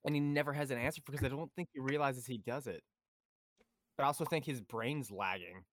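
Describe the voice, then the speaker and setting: A young man co-hosting a podcast, telling stories in a casual, animated way, swearing often and acting out what people said. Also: mid-range voice, a little fast, dry recording. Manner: animated storyteller, swears a lot, acts out quotes. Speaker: podcast co-host. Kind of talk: casual chat.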